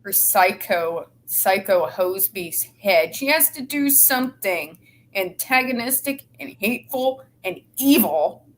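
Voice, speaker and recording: A woman's voice: mid-range voice, a bit bright. A woman hosting a casual group chat, heated, indignant and swearing freely. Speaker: host.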